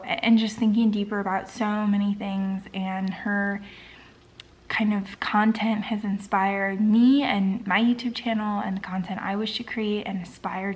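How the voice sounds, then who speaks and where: A medium-pitched woman records a personal bedtime vlog at home, speaking casually. She gushes excitedly and gratefully, occasionally softening into near-whispers.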